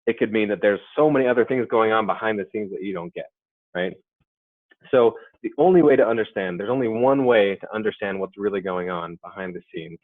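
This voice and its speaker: A man's voice: fairly low pitch, no room sound. A man giving a sales training webinar in a conversational way, often checking in with "right?" and "okay?". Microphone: computer or headset mic on a webinar. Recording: dry, phone-like webinar audio.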